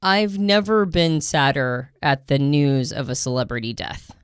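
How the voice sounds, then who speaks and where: A woman co-hosting a casual podcast, talkative and animated, often laughing as she talks. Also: deep voice, unhurried, clear, resonant tone, no echo, studio quality. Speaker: podcast co-host.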